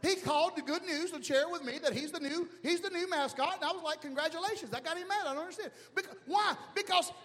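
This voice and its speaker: Pastor, man, high lively voice, humorous preaching that swells to shouts, in a reverberant hall. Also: quick pace, hardly any pauses. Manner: animated, humorous, shouting at peaks. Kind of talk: sermon.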